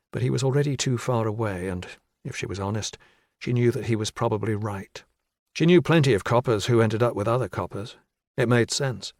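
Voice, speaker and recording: In a dry, clean studio recording, a man with a medium-pitched voice reads a crime thriller audiobook. His scripted narration is steady and measured.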